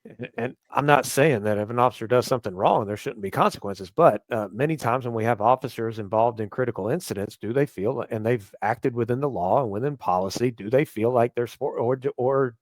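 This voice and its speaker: A man from the United States with a voice of ordinary pitch talks as a podcast guest. He trains police officers and explains his ideas earnestly and at a measured pace. The recording is close and dry. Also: no echo. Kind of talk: casual podcast interview.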